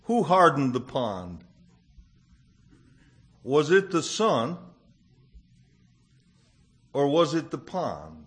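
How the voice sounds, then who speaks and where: A male preacher delivering a sermon through a storybook fable. He speaks slowly and gently, with a voice sitting slightly high for a man. His telling is soft and unhurried. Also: very animated.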